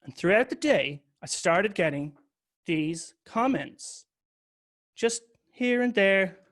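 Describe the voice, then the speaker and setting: A man's voice: high voice, expressive, slow pace, a bit bright. Candid man telling his story. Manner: candid, confessional, occasional swearing. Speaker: public speaker. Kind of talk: personal storytelling talk.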